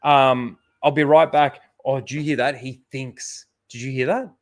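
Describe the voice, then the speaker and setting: A man's voice: medium pitch, steady tone, normal speed. A man hosting a livestream in casual chat, swearing freely and rambling as he stalls for time. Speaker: livestream host.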